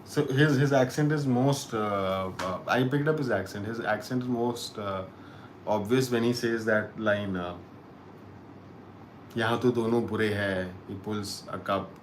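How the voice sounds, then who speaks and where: Low-voiced man, halting chat. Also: a little hiss or hum. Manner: halting and musing, with frequent restarts. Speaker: host of a live chat show. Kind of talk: casual live-stream chat answering viewer comments.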